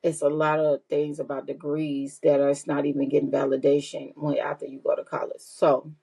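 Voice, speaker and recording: A woman's voice: sits low, completely flat delivery, a little fast, vocal fry, dark tone, breathy edge, rough recording. A middle-aged woman hosting a podcast, talking in a candid, heartfelt way and repeating herself for emphasis. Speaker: podcast host. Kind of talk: casual personal monologue.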